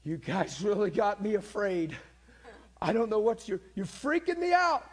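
A man's voice: medium pitch, steady tone, fast, vocal fry, a little mellow, slightly rough. A man voicing a nervous, skeptical male store employee who is rattled and breathless. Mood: freaked out.

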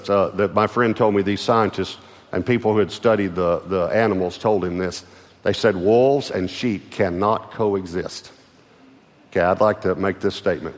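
Low-voiced Texan pastor preaching in a hall. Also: male voice. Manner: emphatic preaching with repeated restarts. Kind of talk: sermon. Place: large church auditorium. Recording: long hall reverb with faint music.

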